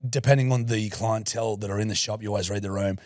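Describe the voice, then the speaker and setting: A young adult man with an Australian accent, co-hosting a podcast and telling crude, jokey stories in a loud, lively voice. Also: fairly low pitch, quick pace, no room sound, clean studio sound. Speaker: podcast co-host. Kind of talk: casual chat.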